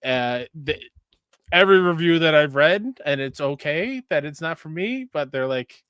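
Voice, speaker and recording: A man's voice: on the high side, expressive, normal speed, a bit bright, smooth, no room sound, studio quality. A young adult man co-hosting a gaming podcast, joking and reading out news in casual chat. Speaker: podcast co-host.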